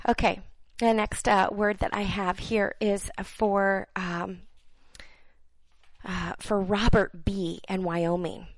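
A woman delivering prophetic words to viewers as a minister, earnest and halting, repeating phrases for emphasis and dropping into soft, near-whispered passages. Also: medium pitch, little pitch movement, dry recording, poor audio.

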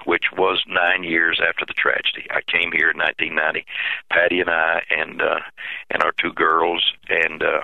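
A pastor speaks in a very deep, gravelly voice, earnest and halting, stumbling over repeated words. The sound is thin and tinny, as if over a phone line. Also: male voice, no echo. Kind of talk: telling a personal story in an interview.

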